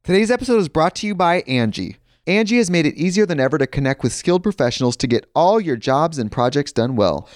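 A man's voice: a little high, sing-song, no room sound, studio quality. A man co-hosting a comedic podcast, gossiping and reading an ad read. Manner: quick, gossipy, reads ad copy lightly. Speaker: co-host. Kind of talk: comedic casual chat.

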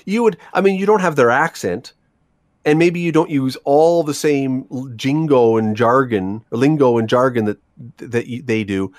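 A man's voice: medium pitch, no echo, studio quality. A man from Canada co-hosting a radio show, telling news stories in a chatty, rambling way with asides and restarts. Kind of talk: casual radio chat.

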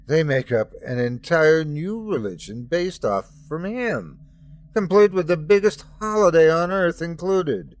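A man's voice: a little high, sing-song, a little slow, no echo, voice pushed up. A man voicing a jealous, domineering male God who rants and mocks. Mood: scornful. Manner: scornful, mocking rants.

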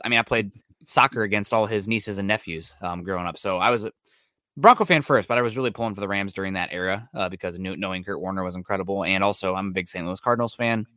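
A man co-hosting a sports podcast, talking football in a quick, analytical way with frequent fillers. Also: lowish voice, sharp tone, dry recording, studio quality. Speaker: podcast co-host. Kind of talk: casual sports talk. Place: Seattle area.

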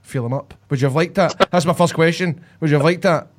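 A man bantering and guessing, jokey and excitable, swearing freely. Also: a little high, fast talker. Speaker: blindfolded guest guessing identity. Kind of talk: casual banter.

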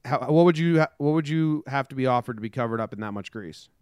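A young man chats and jokes on a podcast, slipping into quick voices for the people in his stories. His voice is smooth and clear, recorded close and dry with no room sound. His pitch sits in an ordinary middle range. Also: darkish tone, dry recording. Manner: jokey storyteller, acts out quoted people. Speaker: podcast co-host. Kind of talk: casual chat.

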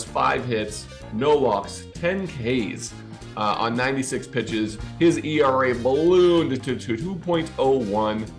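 Male co-host, middle-pitched, chatty baseball recap, faint guitar music underneath. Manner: conversational, recaps game stats with fillers. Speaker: podcast co-host. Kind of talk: casual sports recap chat.

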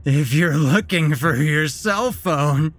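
A woman voicing a grinning, maniacal male intruder who taunts his victim in a slow, gravelly, raspy voice. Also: sits low, no echo, voice pushed down. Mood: taunting. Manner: taunting, drawn-out menace.

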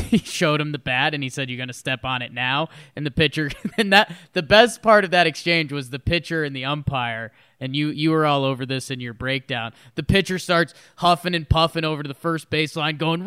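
A man's voice: a little high, a little fast, hardly any pauses, bright, forceful tone, clear, resonant tone, dry recording, clean studio sound. A man co-hosting a casual sports podcast, chatty and laughing between lines as he talks about players. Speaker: podcast co-host.

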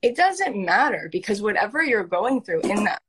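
A woman's voice: mid-range voice, moderate pace, noisy background. A woman hosting as a life coach, talking earnestly and emotionally in a heartfelt coaching conversation. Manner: earnest, emotional, animated storytelling.

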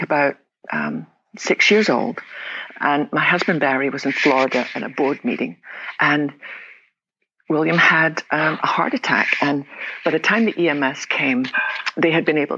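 A woman's voice: low voice, pushed and bright, highs cut off, slight background noise. A woman telling personal family stories as a guest in an interview, earnest and reflective, sometimes acting out what her family said. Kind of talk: personal storytelling in a podcast interview.

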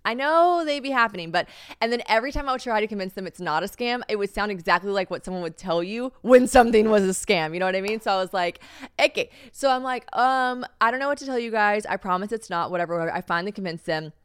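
Young woman podcast host, swears a lot, jokes at her own expense, smooth clear voice, dry close sound. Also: mid-range voice, expressive, quick pace, no room sound. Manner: chatty, profane, self-mocking, acts out quoted voices. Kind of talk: casual storytelling chat. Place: Tennessee.

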